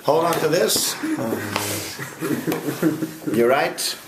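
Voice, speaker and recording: Man, rabbi, Talmud class, questioning, lively, roomy hall. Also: fairly high pitch, drawn-out words, heavy background noise. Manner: questioning, quizzes students, lively. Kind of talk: interactive Talmud lesson. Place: study hall with students. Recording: echoey study hall.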